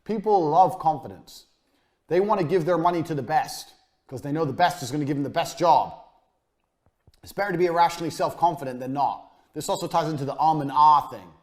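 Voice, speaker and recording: A man giving a recorded business lesson, blunt and emphatic, swearing freely, his voice often trailing off quieter at the ends of lines. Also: a little high, fairly quick. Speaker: business coach.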